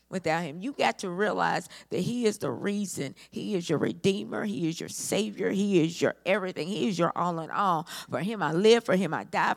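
Gravelly-voiced woman preacher. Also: mid-range voice. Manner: impassioned, repetitive cadences that build to shouting. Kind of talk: sermon.

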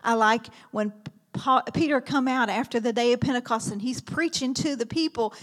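A woman's voice: fairly high pitch, normal speed. A woman teaching a sermon, reading Bible verses aloud in an earnest manner and dropping to a whisper at key words.

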